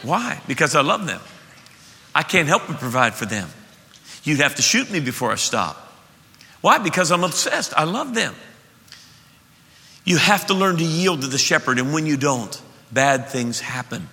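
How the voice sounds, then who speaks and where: Bright-voiced, emphatic man preaching. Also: on the high side, normal speed, pauses often. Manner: animated and emphatic, with repeated restarts. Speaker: pastor. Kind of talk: sermon. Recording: echoey hall.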